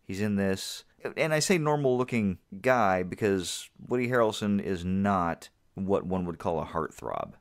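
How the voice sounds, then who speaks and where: A man's voice: deep voice, animated, a little slow, hardly any pauses. A man co-hosting a podcast, chatting casually about movies in a rambling way and laughing at his own jokes. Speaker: podcast co-host. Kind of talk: casual movie review chat.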